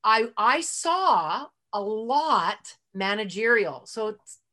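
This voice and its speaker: A woman's voice: on the high side, sing-song, slow, pushed and bright. A middle-aged woman, a guest on a podcast, telling stories from her career in a chatty, heartfelt way, full of "like" and "you know". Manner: heartfelt, openly emotional. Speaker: interview guest. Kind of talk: casual storytelling in a podcast interview.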